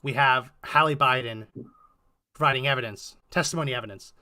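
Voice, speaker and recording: Bright-voiced man reading texts aloud. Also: mid-range voice, brisk. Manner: reads documents and messages aloud, then comments sardonically. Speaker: podcast co-host. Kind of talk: political podcast commentary.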